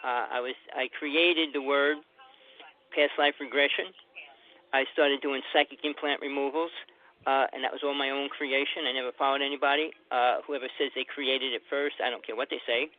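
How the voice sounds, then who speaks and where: A man's voice: mid-range voice, flat delivery, normal speed. Older man calling in on a tinny phone. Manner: chatty, loose and rambling. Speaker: guest caller. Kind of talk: casual radio call-in.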